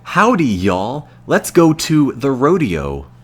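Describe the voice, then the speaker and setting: An American man putting on an exaggerated, slow cowboy drawl. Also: mid-range voice, wildly swooping pitch, pitched above the performer's own voice, heavily acted. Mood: hammy.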